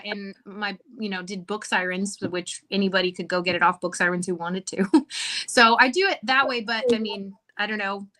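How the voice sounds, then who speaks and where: Woman guest author, casual and chatty, laughs a lot, bright tone. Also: mid-range voice. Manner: chatty, laughs often, trails off in fillers. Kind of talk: casual interview chat.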